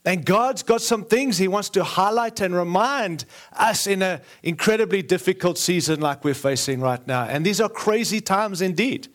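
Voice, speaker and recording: A middle-aged guest preacher with a mixed Australian and American accent speaks in a fairly high voice. His sermon is earnest, broken by small jokes, and he repeats phrases to drive them home. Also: normal speed, few pauses. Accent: Australian-American mix. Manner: earnest, jokey asides, repeats phrases for emphasis.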